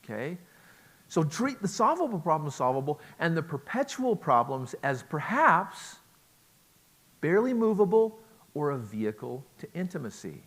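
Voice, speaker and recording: A man's voice: on the high side, very animated, normal speed, fairly bright tone. A middle-aged man giving a relationship talk at a conference, chatty and joking, asking the audience questions. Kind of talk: lecture to a live audience.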